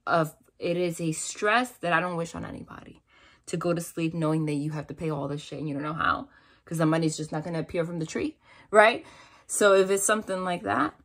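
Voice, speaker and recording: Chatty woman giving a spiritual reading. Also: lowish voice. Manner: chatty, reassuring, lots of "like" and "right?". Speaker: tarot reader.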